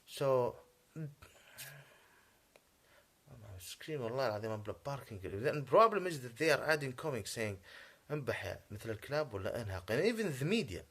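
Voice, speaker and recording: A native Arabic-speaking man delivering a rambling, agitated monologue in English, halting often and clearing his throat. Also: medium pitch, sing-song, fairly bright tone. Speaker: vlogger.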